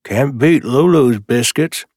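A man's voice: animated, measured pace, husky, no echo, studio quality, exaggerated voice. A man doing a sulky, raised-voice young guy. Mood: grumbling. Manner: sulky and sputtering, voice pushed higher. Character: young man, glum, defensive, wisecracking.

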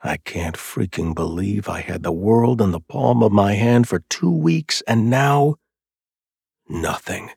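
A man's voice: lively intonation, measured pace, vocal fry, darkish tone, breathy edge, dry recording, studio quality, heavily acted. A man voicing a glum, defensive young man who grumbles and sputters back at his brother. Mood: grumbling. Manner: sulky and sputtering, voice pushed higher.

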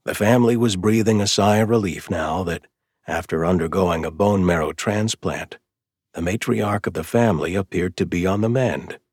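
A man narrating an audiobook in a measured, even storytelling voice, close to the mic. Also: sits low, breathy edge, no echo. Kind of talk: scripted narration.

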